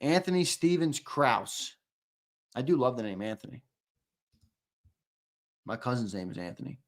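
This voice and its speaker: Running a live-stream giveaway, a young host chats with viewers and teases them in easygoing banter. He talks a little slowly in a sing-song way, dropping into mumbled asides between loud, excited countdowns.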